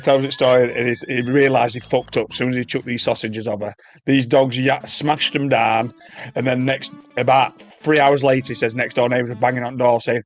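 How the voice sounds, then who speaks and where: Man co-host, mid-pitched, quick and crude in his podcast storytelling. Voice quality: brisk, profane, laughing storyteller. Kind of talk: casual storytelling chat.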